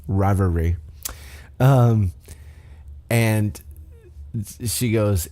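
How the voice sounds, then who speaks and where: Mellow, rambling man recapping wrestling. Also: lowish voice, moderate pace. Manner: rambling, profane, self-correcting. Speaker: podcast host. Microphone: desk microphone.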